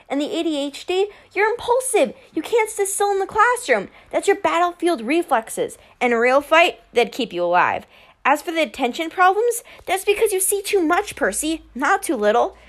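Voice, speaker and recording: A woman voicing a clever, serious teenage girl who explains things patiently in an audiobook. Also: sits high. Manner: earnest, matter-of-fact. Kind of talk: audiobook character voice.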